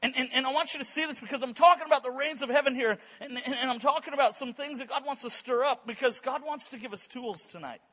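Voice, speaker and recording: A male preacher with a very high, bright voice that has a husky edge. He tells stories at a church service in a lively way, stumbling over repeated words as he builds momentum. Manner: animated, repeats words in quick bursts. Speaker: guest preacher. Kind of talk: sermon with storytelling.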